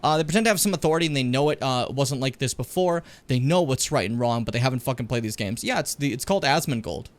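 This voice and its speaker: A man streaming a game, chatting casually and ranting with lots of swearing, loud one moment and muttering the next. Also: mid-range voice, fast talker, hardly any pauses. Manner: animated, swearing, ranting loudly then muttering. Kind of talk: casual gaming stream chat and rant.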